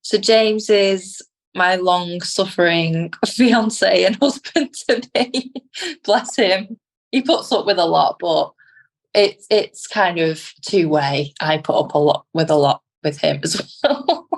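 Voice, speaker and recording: A woman's voice: lowish voice, lively intonation, takes it slowly. A young British woman co-hosting a podcast, talking casually, laughing often and using British slang. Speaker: podcast co-host. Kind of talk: casual chat.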